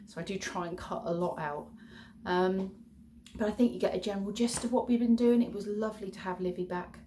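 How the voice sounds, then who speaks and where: A woman's voice: mid-range voice, steady tone, a little fast, a little hiss or hum. A middle-aged English woman chatting casually to her viewers in a rambling vlog sign-off. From England. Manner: chatty, rambling, warm-hearted, chuckling. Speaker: childminder and vlogger.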